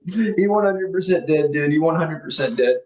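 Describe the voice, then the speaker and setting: A man's voice: fairly high pitch, normal speed, roomy sound, low-quality recording. A man co-hosting a political podcast, chatting casually, laughing often and telling stories. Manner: laughing, storytelling, animated. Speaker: podcast co-host.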